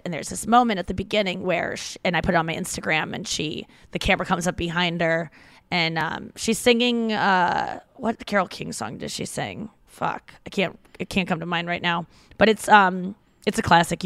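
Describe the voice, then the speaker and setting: A woman hosting a podcast in casual chat, rambling and excitable, with crude jokes and easy laughs, on a close microphone. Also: lowish voice, dry recording. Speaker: podcast host.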